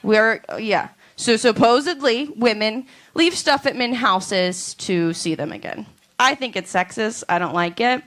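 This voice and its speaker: A woman doing a stand-up comedy set on a club stage, with deadpan, drawn-out punchlines. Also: fairly high pitch.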